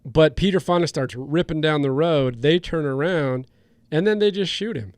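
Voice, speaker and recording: Male podcast co-host, higher register, dry sound, animated scene-by-scene storyteller. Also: normal speed, no echo. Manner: animated retelling of scenes, frequent restarts. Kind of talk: casual film discussion.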